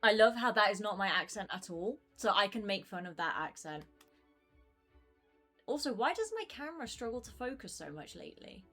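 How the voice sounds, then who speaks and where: A woman's voice: mid-range voice, a bit bright. A woman in her twenties chatting casually while streaming a game, rambling with many fillers. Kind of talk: casual gaming stream chat.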